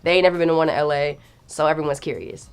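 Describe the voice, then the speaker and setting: A young woman with a low, clear, resonant voice tells a story rapid-fire over soft background music. As a guest storyteller she's casual and slangy, acting out quotes with big jumps in her voice.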